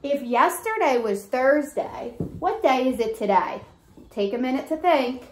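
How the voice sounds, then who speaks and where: Slow, sing-song preschool teacher woman. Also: sits high, expressive. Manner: slow, sing-song, coaxing teacher talk with songs and call-and-response. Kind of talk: online preschool circle time lesson. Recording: echoey room with faint noise.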